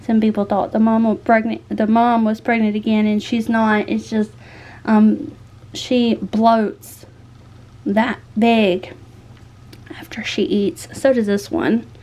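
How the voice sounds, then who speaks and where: Slow-talking woman vlogger. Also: little pitch movement, darkish tone, low-quality recording. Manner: talks to pets in a high sing-song voice. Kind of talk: casual chat to her cats and viewers. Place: home room with pets.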